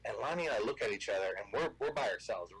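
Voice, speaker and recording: A man's voice: medium pitch, very fast, breathy edge, poor audio. A man telling a funny hunting anecdote as a guest on a casual show. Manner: animated anecdote teller. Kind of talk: casual storytelling.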